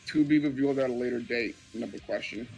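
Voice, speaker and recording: A man voicing a cold, menacing man who collects blood in vials, speaking in curt, flat threats. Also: medium pitch, fast talker, gravelly, faint music behind, lightly acted, rough recording.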